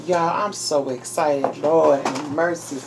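A woman vlogger chatting casually while unboxing a package, talking excitedly to her viewers. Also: deep voice, slow pace, background noise. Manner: chatty and exclamatory, addressing viewers as y'all. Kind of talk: casual unboxing vlog chat.

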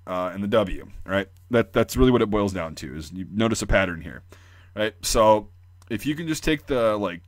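A man's voice: fairly low pitch, no echo, clean studio sound. An American man hosting a militaria channel, explaining pronunciation in casual, rambling talk full of fillers and opinions.

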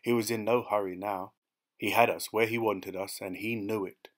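A man reading a short story aloud as audiobook narration, in a measured, even manner. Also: fairly low pitch. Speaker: audiobook reader. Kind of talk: scripted narration.

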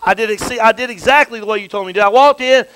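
A man preaching a sermon as a bishop, dropping to hushed storytelling and rising to shouted praise. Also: high-pitched, fairly even intonation, rapid-fire, no echo, poor audio.

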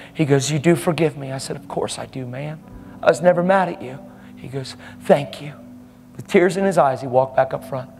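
A man preaching a sermon, telling a story and acting out the people in it. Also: mid-range voice. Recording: live hall with long reverb and faint ambience.

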